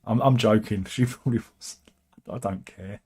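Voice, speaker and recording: A man's voice: fairly low pitch, normal speed, warm tone, slightly rough. Sardonic British man rambling through news. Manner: sardonic, rambling, chuckling asides. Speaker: host of a satirical news channel. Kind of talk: casual satirical news commentary.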